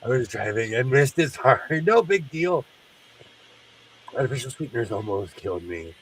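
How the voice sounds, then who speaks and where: A man's voice: medium pitch, very animated, normal speed, distant mic, a little hiss or hum, rough recording. A man hosting a sewing livestream, congested from sinus trouble, chatting in a rambling way and laughing often. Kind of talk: casual chat while sewing.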